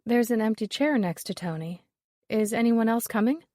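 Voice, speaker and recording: A woman reading the part of a curious young woman, asking questions in a quiet, soft tone. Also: a little high, animated, moderate pace, dry recording, clean studio sound, lightly acted. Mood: inquisitive.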